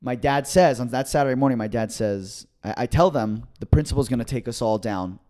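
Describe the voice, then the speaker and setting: A young man co-hosting a comedy podcast, telling a long story in a loose, chatty way. He acts out the voices of the people in it with big leaps in pitch. His own voice sits in a middle register. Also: a little fast. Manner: animated, acts out quotes with big pitch jumps. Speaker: podcast co-host. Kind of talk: casual storytelling chat.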